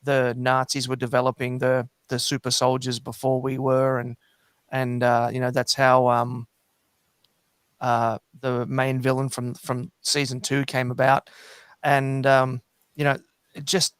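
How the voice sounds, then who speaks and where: A man's voice: mid-range voice, monotone, a little slow, clean tone, no echo. A man, a podcast guest chatting casually with many fillers and restarts. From New Zealand. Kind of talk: casual chat.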